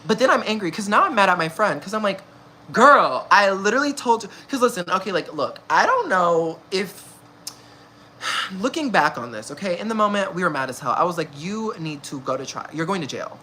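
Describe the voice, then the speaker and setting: A woman's voice: mid-range voice, lively intonation, fairly quick, sharp tone, slight background noise. A young woman in her early twenties telling a messy gossip story in casual chat, slangy and laughing often. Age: young adult. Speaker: vlogger.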